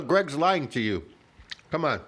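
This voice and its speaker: A man's voice: fairly high pitch, sing-song, takes it slowly, a bit bright, slightly rough. A man hosting a reaction video, mocking a clip with sarcastic commentary and laughing at his own jokes. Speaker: reaction channel host.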